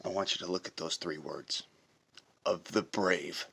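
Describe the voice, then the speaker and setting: Very deep, husky, forceful ranting man. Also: fairly even intonation. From United States. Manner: profane, confrontational, emphatic, with slow drawn-out stresses. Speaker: reaction video host. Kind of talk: heated patriotic rant to camera.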